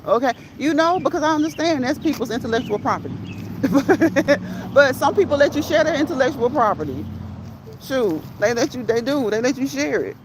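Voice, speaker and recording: A woman's voice: a little high, noisy background. A woman hosting a casual livestream, reading chat messages aloud, laughing often and talking back to her viewers. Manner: quick, lively chatter.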